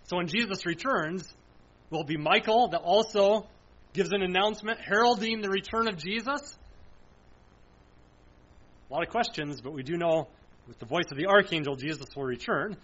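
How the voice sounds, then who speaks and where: High-voiced preacher teaching scripture, lo-fi. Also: male voice, moderate pace, long pauses, a bit bright. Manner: explanatory, asks and answers his own questions, emphatic. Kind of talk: verse-by-verse Bible teaching. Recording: dull lo-fi sound.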